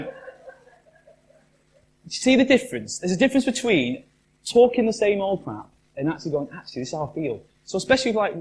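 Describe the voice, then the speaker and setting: A man speaking to a live audience in a raised voice that swoops up and down. He talks in a chatty way and keeps asking the room questions. A faint hum sits behind him. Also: fairly high pitch. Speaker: motivational speaker. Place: live event venue.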